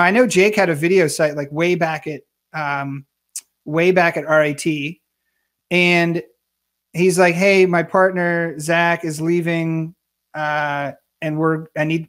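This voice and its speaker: A man being interviewed, telling career stories in a casual, animated way and acting out what others said. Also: fairly high pitch. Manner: animated storyteller, acts out quoted voices. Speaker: guest.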